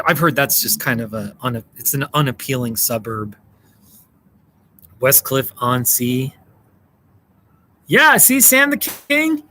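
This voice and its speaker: A man's voice: medium pitch, pushed and bright. An American man hosting a casual livestream, chatting with viewers by name and laughing often. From United States. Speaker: livestream host. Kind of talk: casual livestream chat reading viewer comments. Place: home in Colorado.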